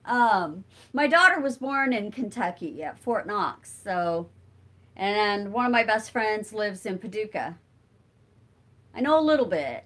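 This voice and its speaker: A chatty middle-aged woman hosting a relaxed livestream, answering viewer comments as she crafts. She talks at an unhurried pace and wanders off as she thinks aloud. Her voice sits a little high. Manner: chatty and rambling, thinks aloud with many fillers. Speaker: livestream host. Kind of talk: casual live chat answering viewer comments while crafting.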